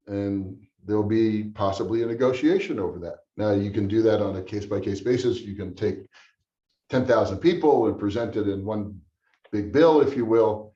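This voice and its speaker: A man's voice: lowish voice, warm tone. A man answering questions at a town hall in a blunt, sarcastic manner. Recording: roomy, distant, dull sound.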